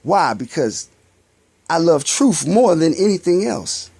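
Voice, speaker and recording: Man, fairly high, very lively swings; casual spiritual monologue with self-answered questions; dry close sound. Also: takes it slowly, vocal fry, breathy edge, no room sound. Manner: poses rhetorical questions and answers them himself; loose, slangy street talk. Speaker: spiritual vlogger.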